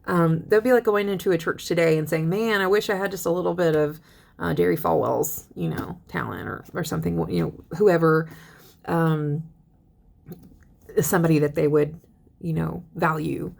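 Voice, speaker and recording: A young woman teaching a literature lesson in a chatty, lively way, reading poems aloud and paraphrasing them. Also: deep voice, normal speed, gravelly. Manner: chatty, animated paraphrasing with laughs. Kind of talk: casual lecture with poem readings.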